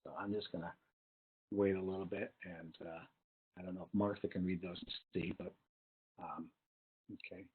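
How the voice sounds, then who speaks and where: A man's voice: low-pitched, level tone, moderate pace, pauses often, slight background noise. A man presenting a webinar lecture for teachers and parents, explaining step by step and often checking in with "okay?". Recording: tinny phone-like online webinar audio.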